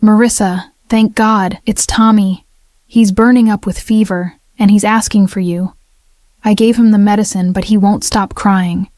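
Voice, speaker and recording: A woman voicing an anxious female neighbor who talks in a hurried, worried way. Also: medium pitch, fairly even intonation, a little mellow, no echo, close to an everyday voice.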